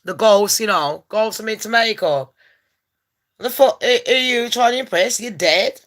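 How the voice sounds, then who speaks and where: A woman hosts a casual gossip vlog, talking in a brash, profane, rowdy way that bursts into loud rants. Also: mid-range voice, a little slow. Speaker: channel host.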